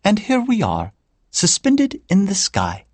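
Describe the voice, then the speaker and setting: Audiobook: male narrator doing a friendly, talkative old Irish woman, lilting and higher-pitched. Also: huge pitch swings, takes it slowly, no room sound, heavily acted. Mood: chatty. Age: older. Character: chatty older Irish grandmother on a plane. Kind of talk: audiobook character voice.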